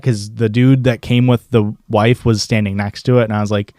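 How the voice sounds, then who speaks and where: Male streamer, casual rambling storyteller, profane, medium pitch, dry close sound. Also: fairly even intonation, fairly quick, darkish tone, dry recording. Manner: rambling, profane, lots of likes and restarts.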